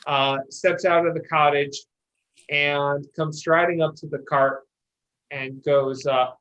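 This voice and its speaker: Halting game master, dull lo-fi audio. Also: mid-range voice, fairly even intonation, a bit bright. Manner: halting, lots of uh and restarts. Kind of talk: narrating a tabletop game.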